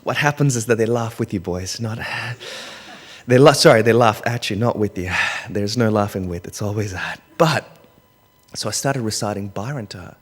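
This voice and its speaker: A man's voice: on the low side, moderate pace. Young man telling a story in a hall. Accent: Australian. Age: young adult. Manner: animated storyteller, soft asides and loud bursts. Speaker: public speaker. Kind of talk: storytelling talk. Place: large hall. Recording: long hall reverb.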